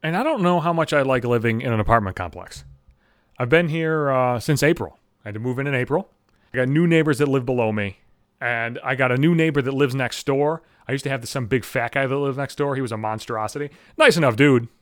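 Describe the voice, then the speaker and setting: A man's voice: mid-range voice, fairly quick, fairly bright tone, no echo, studio quality. Profane exasperated man telling stories. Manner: profane, exasperated storytelling with quoted voices. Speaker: comedian. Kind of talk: stand-up style comedic monologue.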